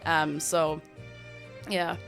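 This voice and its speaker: A young adult woman chatting casually on a live stream. She talks to her viewers in an animated way, stops and restarts her sentences, and stays close to her desk mic. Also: deep voice, extremely slow, vocal fry, faint music behind. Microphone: desk microphone.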